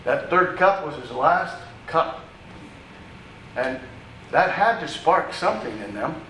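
A man gives a sermon in a relaxed, teaching tone, with asides to his listeners. His voice sits a little high and is picked up from a distance. The room echoes around him, with a faint hum of ambience underneath. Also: slow pace. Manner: conversational teaching with asides to the congregation. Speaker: pastor.

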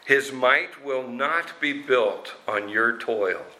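A man voicing a wise old king in a rich baritone, speaking slowly and solemnly. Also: animated, sharp tone, heavily acted, poor audio. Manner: slow and solemn.

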